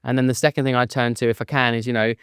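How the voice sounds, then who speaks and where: An English man speaking as a guest in an interview, earnest and candid about feeling low. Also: flat delivery, rapid-fire, fairly bright tone, clear, resonant tone, no room sound, studio quality.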